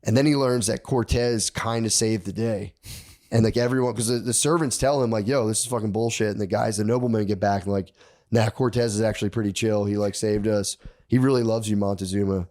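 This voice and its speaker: A man's voice: fairly low pitch, fairly even intonation, fairly quick, a little mellow. A man on a podcast telling a history story in casual, profane slang, acting out the characters' lines.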